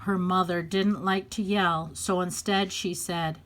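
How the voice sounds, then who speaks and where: Woman reading a picture book slowly. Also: fairly low pitch. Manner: slow, deliberate, expressive pauses. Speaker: storybook reader. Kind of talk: picture-book read-aloud.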